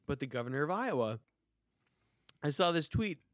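A man's voice: fairly high pitch, very animated, normal speed, fairly bright tone, no room sound, clean studio sound. A man co-hosting a podcast, ranting in a casual, exasperated way with plenty of swearing. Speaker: podcast co-host. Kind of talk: casual chat.

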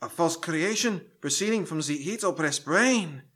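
A man's voice: a little high, animated, normal speed, breathy edge. A man playing an overexcited auditioning actor. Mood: theatrical. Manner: theatrical, carried away, shouting at peaks. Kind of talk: comedy sketch acting.

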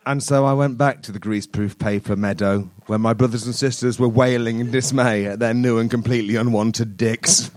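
A man's voice: medium pitch, brisk, hardly any pauses, dry recording. Man telling a crude comic story. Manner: deadpan, crude, breaks into laughter. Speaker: comedian telling an improvised story. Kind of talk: live comedy storytelling.

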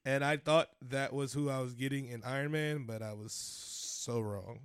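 A man's voice: mid-range voice, fairly even intonation, moderate pace, clean tone, no echo, studio quality. A man in his thirties in casual podcast chat, joking, swearing freely and rambling a little. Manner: profane, joking, loose and rambling. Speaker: podcast co-host.

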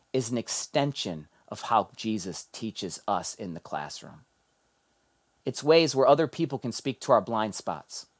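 A man preaching a sermon as pastor, telling a personal story with animated swings from hushed, low passages to loud, excited ones.

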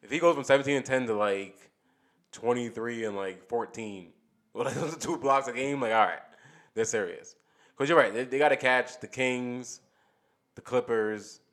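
This man co-hosts a podcast, chatting about sports in a relaxed way at a moderate pace. His mid-range voice has a fairly bright tone, and he wanders along, thinking aloud and starting over.

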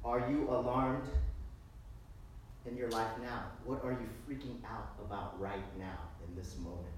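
A woman pastor preaching a sermon in a lively, joking way, full of rhetorical questions, in a church. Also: very deep voice, a little slow, a little hiss or hum. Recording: very echoey room, distant mic.

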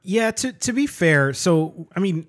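A man's voice: high-pitched, expressive, a little slow, a bit bright. A man hosting a book podcast, chatting casually in an easygoing way. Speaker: podcast host. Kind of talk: casual chat.

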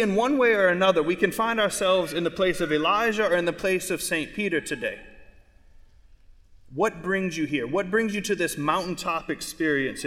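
A man preaching a homily in a big church, his voice on the higher side for a man. He presses the congregation with question after question. A long reverb hangs after each phrase. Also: fairly bright tone. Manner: preaching with repeated rhetorical questions. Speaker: priest. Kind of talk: sermon. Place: large church. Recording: echoey church hall.

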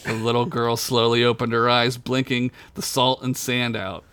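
A man's voice: medium pitch, flat delivery, normal speed, a bit bright, clear, resonant tone, dry recording. A man narrating a tabletop story as game master in a crude comedic style, breaking into laughter at his own jokes.

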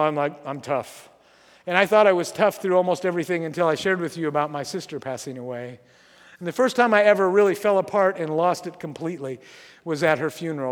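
A middle-aged man preaching a sermon as pastor, conversational and halting with many restarts, going soft and quiet in tender passages. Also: a little high. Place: church sanctuary. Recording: long reverb from a church sanctuary.

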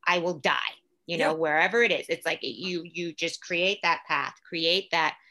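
A woman actor, a guest in a casual interview, talking emphatically and building her points in quick chains. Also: on the low side, pushed and bright.

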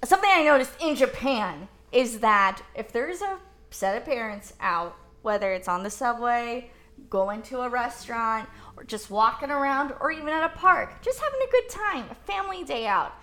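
A woman co-hosting a podcast in casual chat, animated and blunt, jumping in with strong opinions. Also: fairly high pitch, moderate pace. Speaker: podcast co-host.

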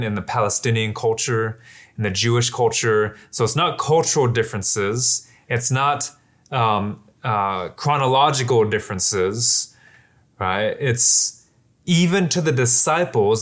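Slow-talking casual male preacher. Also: mid-range voice. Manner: casual, conversational preaching with many fillers. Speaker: pastor. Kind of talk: sermon.

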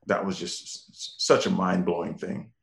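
A man in casual chat, halting and repeating words as he talks, laughing often. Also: low-pitched, flat delivery, gravelly, a bit bright. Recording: echoey room.

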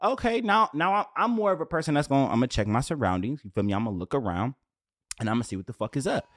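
A man in his late twenties talking casually as a podcast host, animated and profane with streetwise slang, in a dry room on camera. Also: medium pitch, racing, no echo. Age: 20s. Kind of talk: casual solo rant.

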